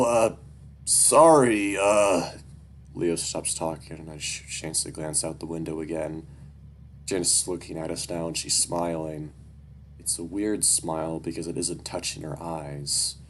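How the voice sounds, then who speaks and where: A young man with a very low, deep voice reads a story aloud, dropping into candid, casual asides full of swearing. There's a faint hum in the background. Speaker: story reader.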